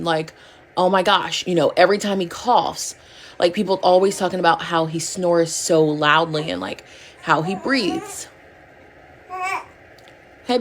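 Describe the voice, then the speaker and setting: Woman, mom and creator, low-pitched, chatty rambling vlog delivery, faint background hum. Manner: candid, rambling, peppered with "like". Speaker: social media creator and mother. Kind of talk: casual get-ready-with-me chat to camera. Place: at home getting ready.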